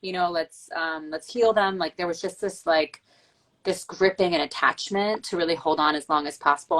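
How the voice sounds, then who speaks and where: A woman host chats in a casual podcast, telling stories with lots of likes and ums. Her voice sits on the lower side. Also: low-quality recording. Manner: animated storyteller, many likes and ums.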